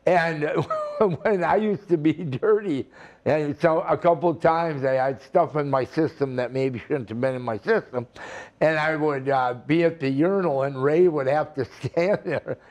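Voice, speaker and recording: Slow-talking older man telling stories. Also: on the high side, a little mellow. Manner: rambling, laughing, many restarts. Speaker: interview guest, retired wrestler. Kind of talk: casual storytelling interview.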